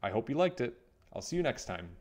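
A man reading a children's picture book aloud, with expressive storytelling. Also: mid-range voice, fast.

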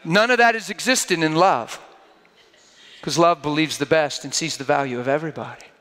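A male preacher with a high voice delivers a sermon in a church hall. His delivery is chatty and direct, climbing to fervent, insistent peaks. A long reverb trails each phrase. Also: fairly quick, bright, forceful tone. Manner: conversational, rising to fervent emphasis; acts out quoted voices mockingly.

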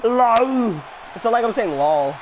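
A man's voice: high voice, very animated, brisk, crowd noise, rough recording. A man playing a football video game, chatting casually, trash-talking and laughing often. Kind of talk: casual gameplay commentary.

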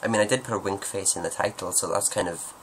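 A man's voice: low-pitched, fast, a little hiss or hum, poor audio. A man answering viewer questions at home in a rambling, joking, self-deprecating way. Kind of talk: casual Q&A monologue.

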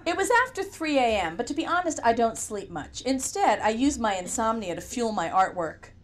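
A woman's voice: a little high, sing-song, normal speed. A woman reading a novel aloud in first person, with a wry, conversational storytelling manner. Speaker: audiobook narrator. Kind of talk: first-person audiobook narration.

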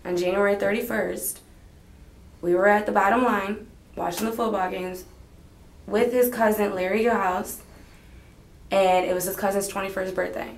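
A young woman in a police interview room rambles hesitantly through her account. Her voice sits at an ordinary middle pitch. The archival recording carries a noticeable echo from the room. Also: fairly even intonation, normal speed, long pauses. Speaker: witness being questioned.

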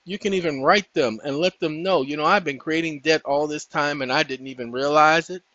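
A man hosting his own channel, talking viewers through a casual tutorial in a folksy, preachy way, often calling them ladies and gentlemen. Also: on the high side, brisk, no room sound. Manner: breaks off to talk to his dogs. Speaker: channel host. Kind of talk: casual screen-share tutorial. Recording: dull dry lo-fi sound.

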